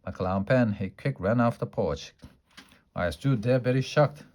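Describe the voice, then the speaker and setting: A man reading a children's chapter book aloud in a lively storytelling way, now and then stumbling over a word. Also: mid-range voice, unhurried. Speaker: storybook reader.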